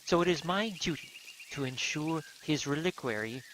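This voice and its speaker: A man voicing a pious monk who speaks slowly and solemnly. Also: a little high, animated, noisy background, voice pushed up, lightly acted. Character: solemn pious monk, quietly proud of his duties.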